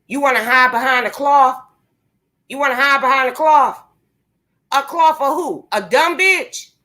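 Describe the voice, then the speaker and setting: A woman's voice: high-pitched, unhurried, bright, forceful tone. A woman vlogger, delivering a profane, confrontational rant to her viewers. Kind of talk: angry rant to camera.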